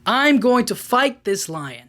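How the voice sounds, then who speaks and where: Man doing a stern protective dad, slow, emphatic, pitched a bit higher. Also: very animated, a bit bright, full character voice. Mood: determined. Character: stern protective father ready to fight.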